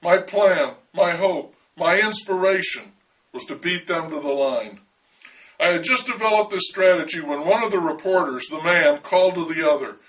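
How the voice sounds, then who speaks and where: A man's voice: a little high, normal speed, fairly bright tone, recorded from a distance, low-quality recording. A man narrating a first-person story in a dry, wry way.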